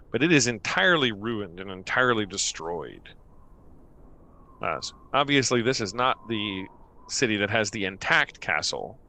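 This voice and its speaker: A man's voice: on the low side, gravelly, pushed and bright. A man narrating a tabletop game as game master, meandering with many fillers.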